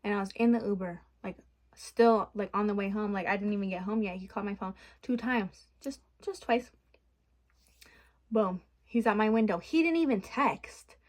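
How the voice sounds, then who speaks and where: A woman's voice: mid-range voice, normal speed, darkish tone. A young adult woman vlogging from her bedroom, rambling frankly and venting with swearing in a casual chat.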